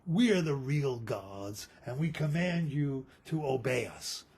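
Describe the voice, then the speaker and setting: Man voicing a husky, pompous god-king, low and menacing, storybook telling. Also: expressive, slow pace, a little mellow, full character voice. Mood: haughty. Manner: pompous, threatening. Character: boastful male king of the gods.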